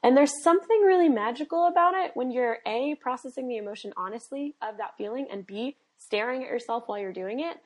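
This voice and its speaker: A woman health coach talking in a casual podcast conversation, earnest and animated, with many fillers, acting out little dialogues. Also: high-pitched, a little fast, few pauses. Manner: acts out quoted dialogue.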